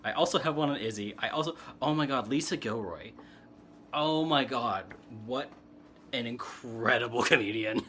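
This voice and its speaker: A man's voice: medium pitch, normal speed, bright, forceful tone, a little hiss or hum. A man giving a casual, rambling tarot chat, answering comments and laughing often. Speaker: tarot reader and streamer. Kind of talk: casual spiritual chat, reading tarot cards.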